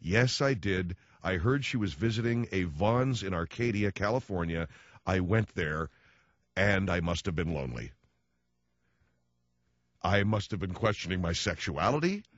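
A man's voice: animated, unhurried, no echo. Male radio host, sarcastic, rambling, dry dull studio sound. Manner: sarcastic, rambling, self-mocking, swings into high mocking tones. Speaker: radio talk show host. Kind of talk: comedic radio monologue. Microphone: studio microphone.

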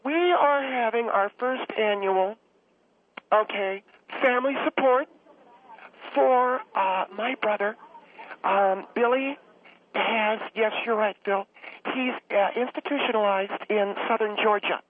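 A man's voice: high-pitched, takes it slowly, voice pushed up. A man voicing a gushing, rambling woman caller who gets choked up and talks on and on. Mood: chatty rambling. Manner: effusive, rambling, easily choked up. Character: gushing middle-aged woman caller, flustered and chatty. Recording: tinny phone line with faint hiss.

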